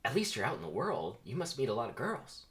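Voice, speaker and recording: A man's voice: medium pitch, wildly swooping pitch, quick pace, a bit bright. A man voicing an earnest young male bee in a voice close to his own, reading a cartoon script aloud.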